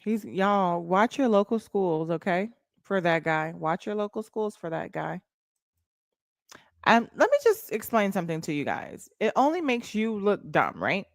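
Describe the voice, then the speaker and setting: A woman's voice: medium pitch, very animated, measured pace, no room sound, clean studio sound. A woman, livestreaming and chatting bluntly and mockingly to her viewers. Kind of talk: casual livestream chat.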